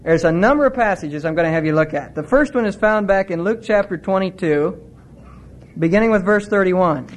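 A middle-aged male preacher with a notably high voice delivers his sermon with earnest conviction. His pitch climbs further when a thought excites him, and he moves between teaching and heartfelt emphasis. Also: a little fast.

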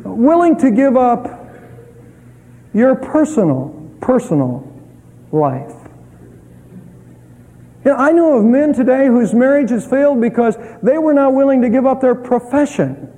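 High-voiced preacher in echoing hall. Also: male voice, lively intonation, unhurried, pauses often. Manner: earnest preaching with swings between loud and soft. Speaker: pastor. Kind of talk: sermon. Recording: echoey hall with long reverb.

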